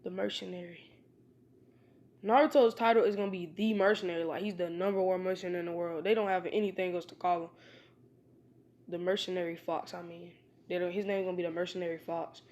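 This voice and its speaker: A woman's voice: lowish voice, fairly even intonation, fast, a little mellow. A woman casually telling a fan story, rambling and informal, with many fillers and restarts. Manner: informal, slangy.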